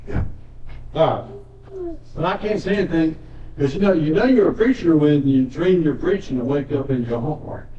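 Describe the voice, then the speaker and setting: Pastor preaching, folksy and joking, echoey room, kinda far from the mic. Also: male voice, a little high, animated, moderate pace, dark tone. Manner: folksy storytelling preacher, joking asides, repeats words. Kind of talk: sermon. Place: church sanctuary. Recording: dull echoey church recording from a distance.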